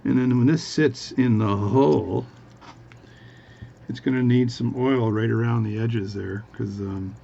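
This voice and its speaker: A man's voice: medium pitch, a little slow, gravelly, mellow, muffled recording, a little hiss or hum. A man casually chatting while cleaning a watch at his bench, rambling with jokey asides. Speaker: hobby watchmaker. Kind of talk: casual workbench tutorial chat. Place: home workbench.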